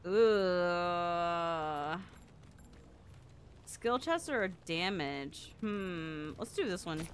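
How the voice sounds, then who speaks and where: A woman giving casual gameplay commentary, excitable, yelping and squealing when hit. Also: lowish voice, takes it slowly, hardly any pauses, a little hiss or hum. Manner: excitable, yelps and squeals at hits. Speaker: gaming video creator.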